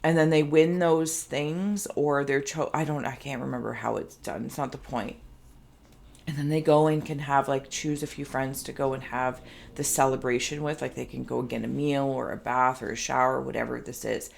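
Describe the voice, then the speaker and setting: A woman reading cards in a reflective, wandering way, often pausing to search for the right word. Her voice sits low and carries a gravelly fry. Her throat sounds phlegmy. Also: fairly even intonation. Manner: meandering, searching for words, slow and reflective. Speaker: tarot card reader. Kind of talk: intuitive pick-a-card reading.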